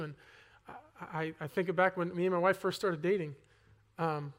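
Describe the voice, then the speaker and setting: Young guy preaching his own story, high voice, stumbles and restarts, gets loud then goes real quiet. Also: steady tone. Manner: earnest, swings between loud emphasis and near-whispered asides; halting restarts, conversational. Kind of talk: personal testimony sermon.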